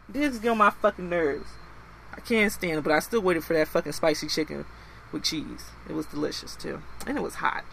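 A woman co-hosting a podcast, ranting casually in a blunt, profane, animated way. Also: deep voice, a little fast, gravelly, slight background noise. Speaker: podcast co-host.

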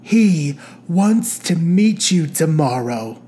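A woman's voice: deep voice, animated, slow pace, warm tone, slight background noise, pitched above the performer's own voice. A woman voicing a dramatic, theatrical woman friend with a sweeping manner. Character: theatrical grand woman friend in kimono cardigan.

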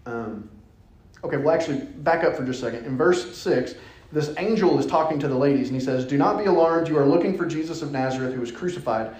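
A man preaching a sermon in a church, playful and animated, dropping suddenly to a hush. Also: a little high, quick pace. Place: church sanctuary. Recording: echoey church hall.

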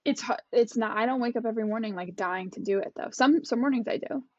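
A woman's voice: on the high side, fast talker, no room sound. A woman podcast co-host and culture expert chatting candidly, reflecting on herself and restarting her sentences. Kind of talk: casual podcast chat. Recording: dull, lo-fi dry sound.

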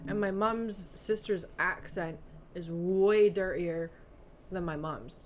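A woman from England in casual podcast chat, relaxed and anecdotal. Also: lowish voice, slow, slight background noise.

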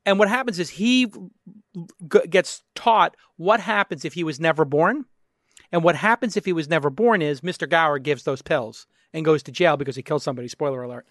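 A high-pitched man hosts a podcast and chats casually, retelling stories with mounting excitement. His voice is close and dry. He jumps between questions and animated retellings. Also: a little fast, no echo. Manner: excitable, acts out quotes with rising emotion. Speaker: podcast host. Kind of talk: casual chat, retelling a film scene.

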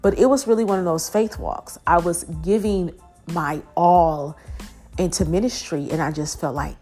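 A woman's voice: lowish voice, normal speed, a little mellow, soft background music. A woman hosting a podcast and preacher, sharing an earnest faith testimony with many fillers and restarts.

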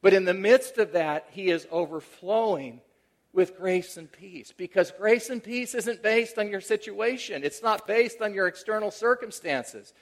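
Preaching in a high voice and at a slightly slow pace, this middle-aged pastor recounts something personal. He talks conversationally, sometimes animated and emphatic, sometimes quiet and tender.

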